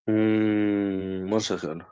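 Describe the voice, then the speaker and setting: A young man in his early twenties with a London accent hosts a casual livestream in a clean, low, dark voice. The audio is dull and dry, with no room sound. He answers chat defensively and argumentatively, using slang and repeating his points.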